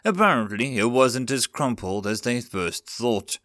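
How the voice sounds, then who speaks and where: A man narrating a story aloud in an expressive, lively reading. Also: mid-range voice, a little slow, few pauses, dry recording, clean studio sound.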